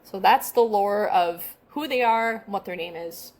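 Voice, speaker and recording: A woman's voice: medium pitch, measured pace, a little mellow. Young adult woman, casual podcast co-host; conversational, self-deprecating read. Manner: chatty, self-deprecating, stumbles over names. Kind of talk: casual chat, reading from notes.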